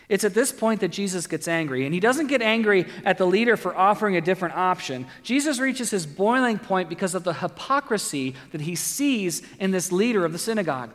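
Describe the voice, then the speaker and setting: A man's voice: sits high, animated, brisk, a bit bright, in a large hall. A man preaching a sermon as pastor, reading scripture dramatically and adding light jokes.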